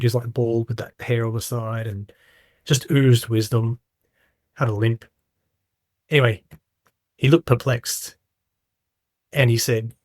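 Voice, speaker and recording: A man's voice: mid-range voice, a little mellow, no room sound, clean studio sound. A middle-aged man candidly recounting his story in a casual interview, acting out quoted voices as he goes. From Australia. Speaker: guest.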